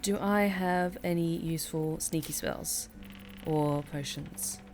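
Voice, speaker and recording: A woman streaming a video game, thinking aloud in casual commentary with quick asides and the odd mild curse. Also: sits low, a little mellow, faint music behind.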